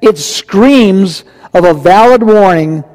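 A man's voice: sits high, animated, slow, a little mellow. A male pastor preaching a verse-by-verse sermon in a conversational, emphatic way, often asking the congregation questions. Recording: long reverb from a large hall.

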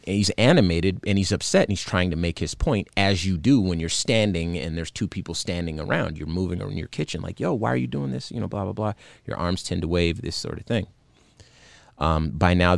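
A man's voice: deep voice, vocal fry, dry recording, studio quality. A man hosting a show, recounting a video in earnest, indignant commentary with many fillers and restarts. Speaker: podcast host.

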